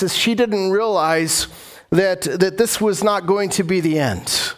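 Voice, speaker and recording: A man's voice: sits high, a little slow, a bit bright. A man preaching a sermon as pastor, repeating key phrases for emphasis and putting questions to his congregation.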